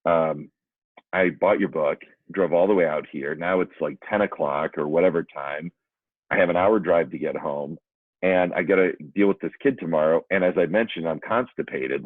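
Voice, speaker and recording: Very low male voice, dry phone-like narrow audio, self-deprecating storyteller. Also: normal speed, no room sound. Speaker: former school principal telling a story. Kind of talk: storytelling talk for educators.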